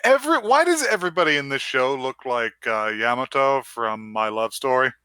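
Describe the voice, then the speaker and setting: Animated joking man podcaster. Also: medium pitch, normal speed, smooth, no room sound. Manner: joking, animated, with many restarts. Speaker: podcast co-host. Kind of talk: casual chat.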